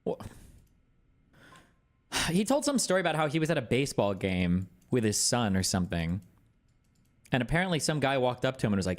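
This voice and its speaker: A man's voice: mid-range voice, big pitch swings, fairly quick, pauses often. A man streaming, retelling a story in a casual, exasperated, mocking way. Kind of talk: casual livestream commentary.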